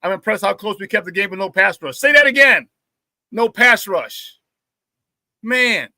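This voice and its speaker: A man's voice: high voice, animated, quick pace, creaky, bright, forceful tone, dry recording. A man hosting a casual sports talk show, brash and profane, trash-talking rivals and laughing often between remarks.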